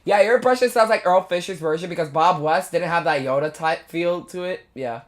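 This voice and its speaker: Brief: young streamer, quick casual chat, mid pitch. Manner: rapid, chatty, addressing chat.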